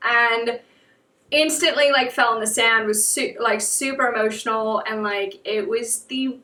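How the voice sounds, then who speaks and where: A woman's voice: fairly high pitch, measured pace, sharp tone, far from the mic. A young woman from the United States, a podcast guest telling a story in casual chat, full of "like" fillers. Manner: chatty, lots of "like" fillers. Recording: echoey room, off mic.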